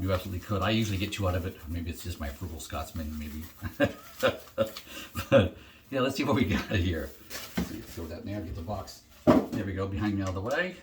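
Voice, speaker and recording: A man's voice: sits low, a little hiss or hum. A middle-aged man chatting casually through an unboxing, rambling and thinking aloud with frequent ums. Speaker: shaving vlogger.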